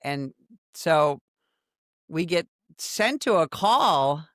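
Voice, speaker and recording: A woman in her sixties, a former undercover police officer, telling a story in a podcast conversation with dramatic, animated retelling. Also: low-pitched, drawn-out words, no room sound, studio quality. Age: 60s.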